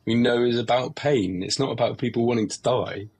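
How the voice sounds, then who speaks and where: Husky-voiced man hosting a heartfelt chat. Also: mid-range voice, a little fast, darkish tone. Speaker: podcast host. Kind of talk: open conversational interview.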